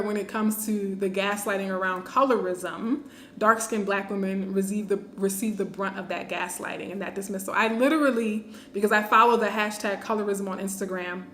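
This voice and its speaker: Animated woman host in an echoey room. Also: mid-range voice, slight background noise. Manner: animated, laughs often, reads viewer comments aloud. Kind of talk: live-streamed talk with audience questions.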